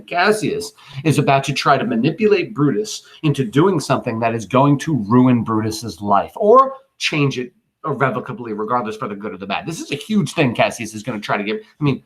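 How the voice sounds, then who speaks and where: A male teacher talking through a classic play in plain, informal language, dropping slang asides as he goes. His pitch swings widely, which keeps his explanations animated. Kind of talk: casual explanatory lesson on a play.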